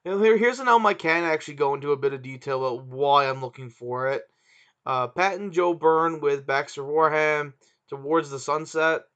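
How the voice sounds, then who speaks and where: A man's voice: a little high, a little fast, a bit bright, clean tone. A man co-hosting a casual podcast chat, hesitant and searching for words. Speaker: podcast co-host. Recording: dull lo-fi sound.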